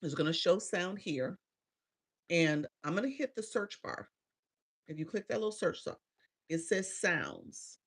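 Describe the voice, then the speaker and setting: Middle-aged woman live-stream coach, chatty and laughing a lot, gravelly edge, close dry mic. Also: fairly low pitch, very animated, unhurried, pauses often, no room sound. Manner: chatty, laughs often, reads viewer comments aloud.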